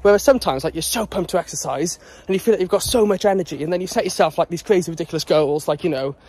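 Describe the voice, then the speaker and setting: A man's voice: high-pitched, rapid-fire, darkish tone. A man vlogging on a dog walk, rambling casually and a bit out of breath as he jogs. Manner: rambling, chatty, talking while jogging. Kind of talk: casual vlog chat.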